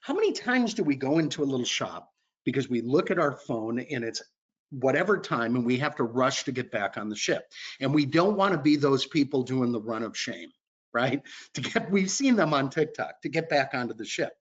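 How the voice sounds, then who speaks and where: Upbeat man giving a sales pitch. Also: expressive, moderate pace, highs cut off. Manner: upbeat, conversational, emphatic pitch. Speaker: cruise line sales trainer. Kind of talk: sales training talk to travel advisors.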